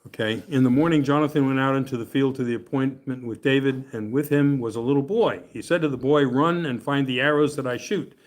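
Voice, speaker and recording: A man at an ordinary middle pitch leads a Bible study in a loose, conversational way. He reads scripture aloud, breaks off to explain it with jokes, and keeps checking in with his class. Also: brisk, hardly any pauses. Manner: chatty and joking, often laughing and checking in with "okay?". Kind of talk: casual Bible study teaching and scripture reading.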